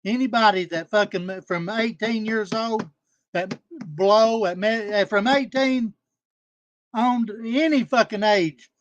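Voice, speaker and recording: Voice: mid-range voice, fairly even intonation, takes it slowly, no room sound, muffled recording. A livestream panel host, ranting angrily and scolding with heavy profanity and repetition. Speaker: live stream panel host. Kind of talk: angry livestream rant.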